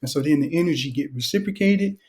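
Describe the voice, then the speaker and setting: A middle-aged author and educator from Detroit, Michigan, is a guest in a casual interview. His voice is fairly high and fast, and his manner stays laid-back, playful, and thoughtful.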